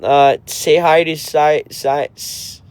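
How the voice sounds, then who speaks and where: A man's voice: on the high side, fairly even intonation, slow, darkish tone, clear, resonant tone. A man in his twenties in a car, chatting casually on a livestream and answering viewer comments. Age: 20s. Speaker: band member hosting a livestream.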